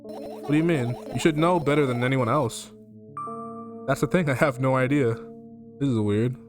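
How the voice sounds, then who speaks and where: A man with a medium-pitched voice streams a horror game at normal speed, with music in the background. In let's play style, he reads the game's lines aloud and reacts with laughter and plenty of swearing.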